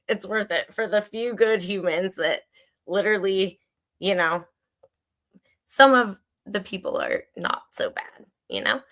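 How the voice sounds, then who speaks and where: Bright-voiced woman host, candid and emotional. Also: mid-range voice. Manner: candid, emotional, swears freely, rambling. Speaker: channel host. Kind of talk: casual livestream chat.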